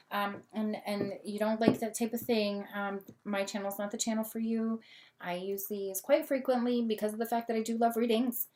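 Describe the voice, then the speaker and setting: A woman's voice: medium pitch, darkish tone. Chatty young woman tarot vlogger. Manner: chatty, many fillers, laughs a lot. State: hiccups. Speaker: tarot reader, channel host. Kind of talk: casual tarot reading vlog.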